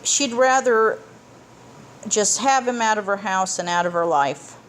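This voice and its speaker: Slow-talking woman recapping a film. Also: medium pitch, fairly bright tone, a little hiss or hum. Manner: blunt and profane, retells with emphatic asides. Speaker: movie reviewer. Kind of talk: casual plot recap.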